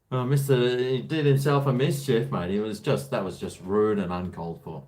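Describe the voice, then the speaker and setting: A man's voice: fairly low pitch, steady tone, normal speed, a little mellow. A man chatting casually on a livestream, rambling with chuckles and answering viewers' comments. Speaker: livestream host.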